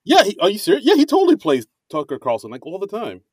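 Chatty, expressive podcast man. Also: high-pitched, fast talker, slight background noise. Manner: chatty, rambling, laughs easily. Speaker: podcast co-host. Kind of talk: casual podcast chat.

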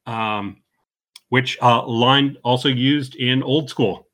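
Male podcast co-host, bright tone, playful and jokey recapper. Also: steady tone, slow. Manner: playful, jokey, acts out quotes in high voices. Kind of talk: casual movie recap chat.

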